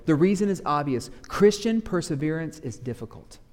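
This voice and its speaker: A man preaching with animated, rising emphasis and a slightly high voice. His words ring out with a long reverb, as in a church sanctuary. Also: moderate pace. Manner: animated preaching, acts out grumbling church members in asides. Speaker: pastor. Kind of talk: sermon.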